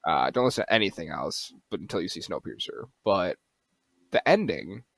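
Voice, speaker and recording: A young man with a fairly low voice talks animatedly as a podcast co-host, swearing freely and breaking into laughs. The sound is dry and close, with no room around it. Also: big pitch swings, normal speed, vocal fry, fairly bright tone, no room sound. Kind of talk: casual chat.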